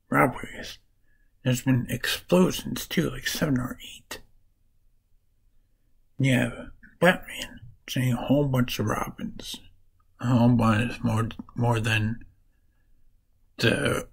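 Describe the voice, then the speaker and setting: Summarizing comic books casually for his vlog, this reviewer wanders off track, restarts, and fixes names mid-sentence. He has a mid-range voice that's creaky with a breathy edge, captured on a low-quality recording.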